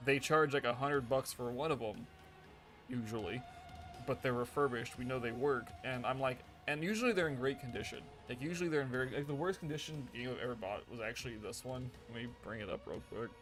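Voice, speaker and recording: A male gaming streamer chatting in a relaxed, rambling way, full of fillers and self-corrections. He jokes with his chat between stories. Faint music plays underneath his voice. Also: medium pitch, brisk. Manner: rambling, many fillers and restarts, jokey with chat. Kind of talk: casual live-stream chat.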